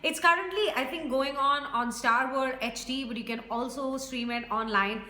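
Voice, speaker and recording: A woman's voice: high-pitched, normal speed, sharp tone. A woman reviewing a TV series in a casual, enthusiastic, chatty video review. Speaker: TV reviewer vlogger. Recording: echoey room with faint noise.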